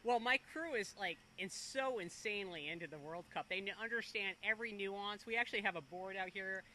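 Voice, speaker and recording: A middle-aged woman who owns a cafe, chatting quickly in an interview and laughing between her stories. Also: mid-range voice, pushed and bright, a little hiss or hum, poor audio. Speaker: restaurant owner. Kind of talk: casual interview.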